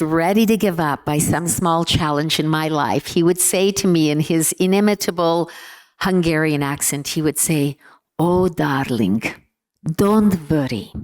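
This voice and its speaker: A woman giving a formal speech in an earnest, measured way, stressing repeated words. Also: sits low. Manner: earnest, measured, with emphatic repetitions. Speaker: speaker.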